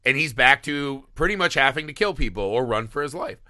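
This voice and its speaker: Bright, animated man on a podcast. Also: medium pitch, a little fast, no echo. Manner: animated, swearing, acts out scenes in voices. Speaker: podcast co-host. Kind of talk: casual podcast chat.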